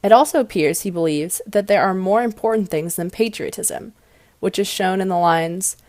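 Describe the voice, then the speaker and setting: A woman giving a class presentation on poetry, explaining clearly and stressing her example lines. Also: medium pitch, moderate pace, a little mellow, dry recording.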